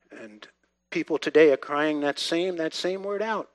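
A man delivers a sermon in a fairly high voice, hammering points through repetition. He sinks to near-hushed lines, then climbs to loud, urgent bursts. The sound is dry, with no room around it. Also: unhurried, no echo. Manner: emphatic, repetitive, swings between quiet and loud. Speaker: pastor.

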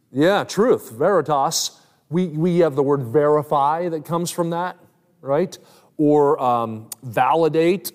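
A man's voice: fairly high pitch, darkish tone. A middle-aged man preaching a sermon, teaching step by step and putting questions to the congregation. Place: church. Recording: long hall reverb.

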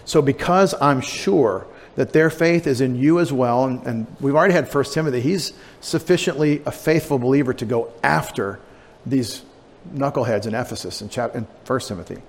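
A pastor giving a conversational, digressive sermon, with asides and restarts. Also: male voice, medium pitch, normal speed. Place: church sanctuary. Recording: long church reverb, faint room noise.

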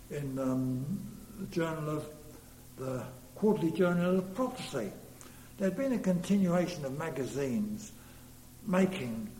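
A man with a warm, mid-range voice preaches a sermon earnestly, building to emphatic stresses on key words. The recording carries a long hall reverb and a faint hum.

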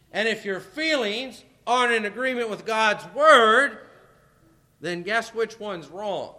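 A man's voice: high voice, pushed and bright. A man preaching a sermon as pastor, folksy and emphatic, repeating his key phrases for stress. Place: church sanctuary. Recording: long hall reverb.

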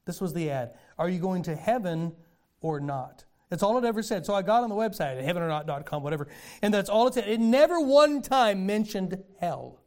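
An older man preaching a sermon in a folksy storytelling way, with sudden loud bursts. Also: high-pitched, animated, brisk. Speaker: pastor.

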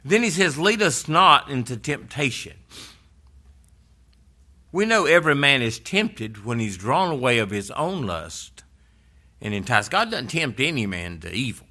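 Guy preaching a sermon, super bright sharp voice, earnest and chatty, middle pitch. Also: big pitch swings, moderate pace. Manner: earnest, conversational preaching that retells scripture stories.

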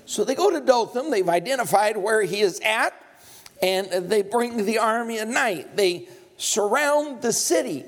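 A man with a high-pitched voice preaches a sermon. He retells a scripture story in everyday words, slips in humorous asides and acts out the characters' lines. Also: expressive, unhurried.

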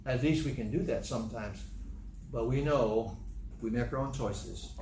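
Animated man preaching a sermon. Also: mid-range voice, fairly quick. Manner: animated, emphatic repetition, acts out quotes. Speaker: pastor. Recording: echoey room with faint noise.

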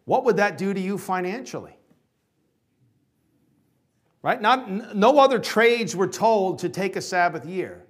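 A man preaching a sermon to his congregation, asking questions and moving between loud emphasis and quiet asides. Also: sits high, lively intonation, a little slow, long pauses. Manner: preaching with rhetorical questions, swinging from loud to hushed. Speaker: pastor.

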